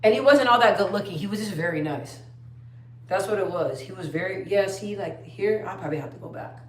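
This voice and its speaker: A woman's voice: medium pitch, a little fast. A young woman chatting casually on a phone live stream, rambling and trailing off. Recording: roomy echo.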